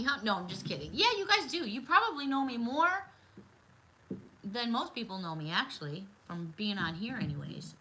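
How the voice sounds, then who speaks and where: A middle-aged woman with a very bright, ringing voice chats casually on a livestream, pitched a little high. She greets viewers by name, laughs easily and talks in a friendly, rambling way. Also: sing-song, unhurried, pauses often, slight background noise, poor audio. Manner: chatty, warm-hearted, laughs often, talks to viewers by name. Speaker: livestream host. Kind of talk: casual chat reading viewer comments.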